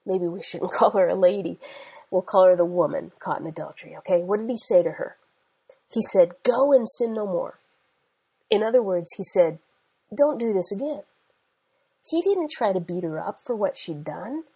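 A woman in her forties preaching a sermon, with emphatic, slowly stressed phrases. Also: lowish voice, expressive, vocal fry, dark tone, breathy edge, low-quality recording. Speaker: Christian speaker.

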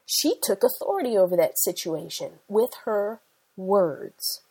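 A woman's voice: mid-range voice, very animated, unhurried, a little mellow, breathy edge, rough recording. A middle-aged woman preacher delivering an earnest sermon, telling stories in a conversational way and quoting scripture.

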